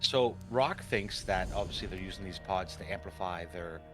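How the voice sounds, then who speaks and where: A man playing a tabletop game, chatting casually with quick asides. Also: sits low, music in the background. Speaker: player.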